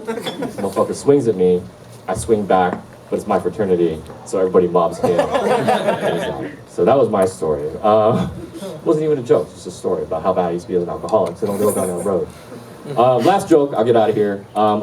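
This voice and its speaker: A man in his forties doing a loose, swearing stand-up set and telling stories, with sudden shouted impressions. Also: on the low side, background noise. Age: 40s. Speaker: stand-up comedian. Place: club or hall with a live crowd. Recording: distant mic in a roomy hall, loud crowd.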